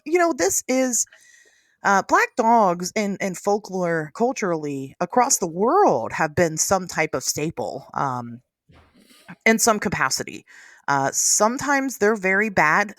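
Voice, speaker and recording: A podcast host from the United States talking in lively casual chat, laughing often. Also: mid-range voice, no room sound, studio quality.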